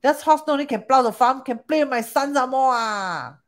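A woman playing an anxious, excitable village farmer in broken colloquial English with a Singaporean accent. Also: very high voice, fairly quick, pitched above the performer's own voice. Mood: gleeful.

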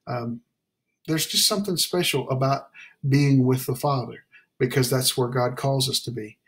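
A middle-aged man, a pastor, preaching an earnest, plain-spoken Bible study sermon, slowing down to stress key phrases. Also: mid-range voice. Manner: restarts and fillers, plain spoken.

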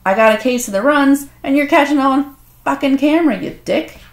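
A woman's voice: high-pitched, brisk, reverberant, pitched above the performer's own voice. A woman voicing a grumpy, humiliated male dog who complains crudely about being filmed. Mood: indignant.

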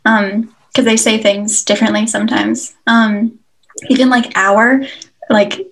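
A woman's voice: on the high side, level tone, measured pace, poor audio. A woman co-hosting a casual poetry podcast, chatty with many fillers and easy laughs. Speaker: podcast co-host. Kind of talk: casual chat about poetry.

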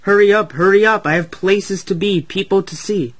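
A man's voice: fairly high pitch, moderate pace, a bit bright. Emily, a man doing a rude, pushy engine. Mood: impatient. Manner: pushy, snapping orders. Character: rude impatient female tank engine.

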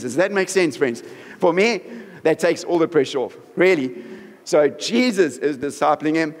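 A pastor delivers a sermon in a conversational, friendly way, keeping his voice a touch higher than most men. He keeps checking in with the congregation as he goes. The sound carries a long reverb from a church hall.

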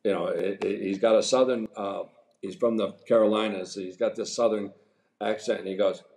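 A man in his sixties, a former pro golfer, telling rambling, animated anecdotes as a podcast guest. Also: lowish voice, a little fast. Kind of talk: casual storytelling interview. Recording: echoey room.

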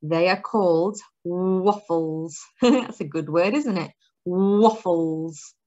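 A woman leads a phonics lesson for small children, stretching each word out slowly. Her voice sits a little low for a woman and lifts into a lively, encouraging sing-song. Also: dull audio. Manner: slow, sing-song, encouraging teacher talk with drawn-out words. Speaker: early years teacher.

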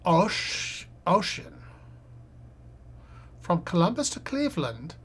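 Husky, low woman streamer; unhurried, reads clues out and mutters answers to herself. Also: very animated. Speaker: live streamer. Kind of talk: thinking aloud while solving a crossword.

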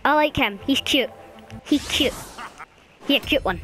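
A woman's voice: sits high, lively intonation, a little slow, a bit bright, slight background noise. A woman giving casual running commentary while playing a video game, chatting and chanting commands at the screen. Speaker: gaming channel host. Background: game music.

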